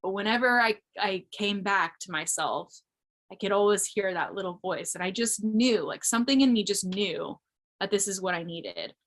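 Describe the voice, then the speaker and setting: A woman's voice: medium pitch, moderate pace, fairly bright tone. Reflective woman in her thirties. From Missouri, USA. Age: 30s. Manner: reflective, frequent "like" fillers, light laughs. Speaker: guest. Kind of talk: casual interview talk. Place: remote audio interview.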